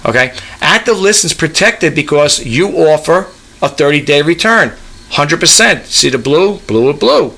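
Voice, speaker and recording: A man's voice: a little high, expressive, moderate pace, creaky, pushed and bright. A man in a casual screen-share vlog about online reselling, rambling and checking in with "okay?" and "you know" as he reads web pages aloud. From New York, US East Coast. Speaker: eBay reseller vlogger.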